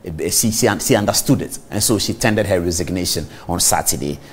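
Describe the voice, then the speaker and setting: A man's voice: deep voice, fast talker, slight background noise. A middle-aged man with a Ghanaian accent, hosting a TV talk show and delivering an emphatic commentary monologue straight to viewers. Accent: Ghanaian English. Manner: emphatic, animated, addresses viewers directly.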